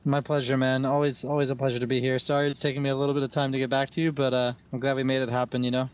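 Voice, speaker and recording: A British man talks at a fast clip as a podcast guest. His voice is mid-pitched, and he rambles along in an easy, self-deprecating way. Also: flat delivery. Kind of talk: casual podcast chat.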